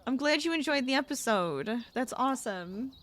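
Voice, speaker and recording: Young woman streamer chatting casually with her chat, kinda high voice that bounces around a lot, gets exasperated easy. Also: animated, normal speed, a bit bright, slight background noise. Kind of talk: casual gameplay livestream chat.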